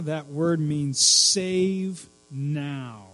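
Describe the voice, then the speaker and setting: A man preaching a sermon as pastor, dropping to a hush and then rising to loud cries for emphasis. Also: a little high, extremely slow, low-quality recording. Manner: swings from hushed to shrieking for emphasis.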